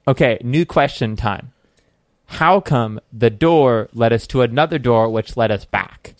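A man playing a tabletop role-playing game, trading quick banter. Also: medium pitch, no room sound, studio quality. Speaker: player.

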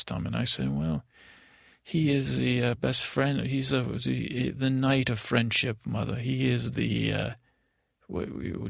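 Guy doing a naive boy prince rambling on, super gravelly voice, dry close sound. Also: medium pitch, a bit bright, dry recording. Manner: halting, rambling, with many restarts and fillers. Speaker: comedic narrator in character. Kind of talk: improvised comedic storytelling.

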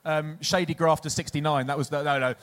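On stage, an English former rugby player in his forties who co-hosts a podcast tells rambling comedic stories. His voice is a bit bright, a little fast and a little high for a man, with fairly even intonation. He laughs at his own punchlines, losing the thread and then finding it again.

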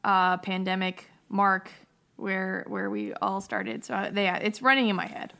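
A woman's voice: medium pitch, steady tone, unhurried, vocal fry, sharp tone. A woman co-hosting a podcast with friends, blunt and opinionated in casual chat. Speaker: podcast co-host.

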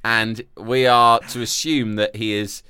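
A man co-hosting a comedy podcast who tells crude, animated stories, recorded in a small cupboard. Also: fairly low pitch, a little slow, clear, resonant tone, no echo. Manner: crude, animated storytelling with swearing. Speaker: podcast co-host. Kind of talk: casual comedic chat.

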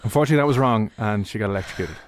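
A man's voice: lowish voice, very fast, slight background noise. A man hosting a radio quiz bit in a teasing, playful quizmaster manner. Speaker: radio host.

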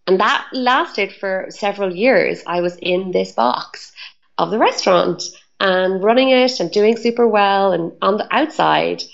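A woman's voice: mid-range voice, a little slow, gravelly, highs cut off. A woman telling her story as an interview guest, chatty and full of "like" and "um" fillers. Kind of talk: casual storytelling.

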